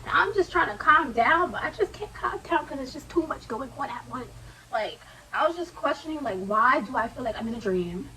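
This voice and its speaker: Young woman, casual slangy storyteller; sharp high voice, a bit off-mic in a quiet room. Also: a little fast, recorded from a distance, a little hiss or hum, poor audio. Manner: slangy, animated retelling with quoted asides. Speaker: vlogger.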